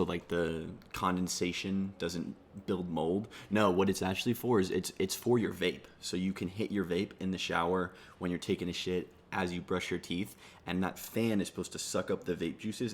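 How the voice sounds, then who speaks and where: Young male YouTuber, deep voice, sarcastic rambling comic commentary. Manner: sarcastic, rambling, swears freely. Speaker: comedy YouTuber. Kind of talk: casual comedic commentary.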